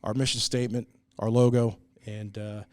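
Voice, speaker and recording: A man's voice: fairly low pitch, flat delivery, moderate pace, a little mellow, no room sound, clean studio sound. Earnest middle-aged man telling stories. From United States. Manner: earnest, many "uh"s, acts out quoted people. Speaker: brewery owner, guest. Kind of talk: casual storytelling in a podcast interview.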